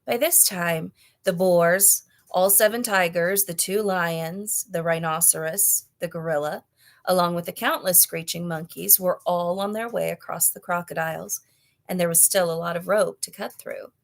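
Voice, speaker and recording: A woman reading a children's novel aloud, with clear, expressive storytelling. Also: on the low side, normal speed. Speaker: storybook reader.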